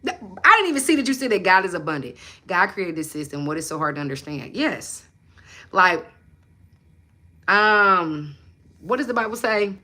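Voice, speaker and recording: Blunt, bright-voiced woman preaching confidence. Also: mid-range voice, very animated, moderate pace, long pauses. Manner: blunt, profane, preachy and emphatic. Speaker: manifestation coach and livestream host. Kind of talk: casual livestream chat with viewers.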